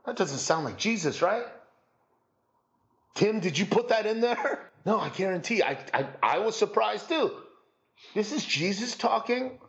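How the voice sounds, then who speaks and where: A male preacher tells a parable with a bright, high voice that rises and falls all over the place. He slips into the characters' lines with humor as he goes. The recording is muffled and carries the echo of a large room. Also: moderate pace. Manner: animated storytelling, acting out quotes with humor. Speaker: pastor. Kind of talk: sermon.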